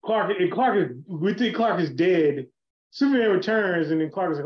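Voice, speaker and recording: A man's voice: high-pitched, lively intonation, moderate pace. A man co-hosting a podcast, talking casually in a blunt, profane, joking way. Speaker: podcast co-host. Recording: echoey room, dull lo-fi sound.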